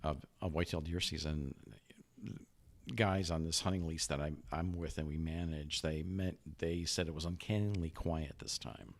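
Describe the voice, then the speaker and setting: A man with a very deep voice talks casually on a podcast, stopping and starting, stacking repeated words as he hunts for the next thought. He co-hosts and chats freely with his two partners. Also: steady tone. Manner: halting, many restarts and repeated words. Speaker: podcast co-host.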